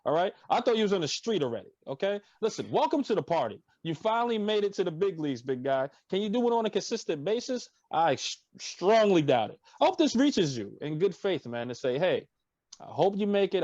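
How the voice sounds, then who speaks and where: Animated man ranting about football. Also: high voice, brisk, few pauses, no room sound, dull audio. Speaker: podcast co-host. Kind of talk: casual sports chat.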